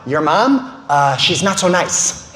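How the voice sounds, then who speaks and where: A man putting on his gentle, timid father, who speaks in a soft, upbeat, nervous way. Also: on the high side, sing-song, slow pace. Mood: nervous confiding. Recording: roomy hall with background noise.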